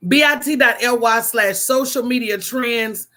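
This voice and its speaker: A woman hosts a casual livestream, her voice on the high side and a little slow. She tells stories in an animated, preachy style, tossing call-and-response asides to her viewers.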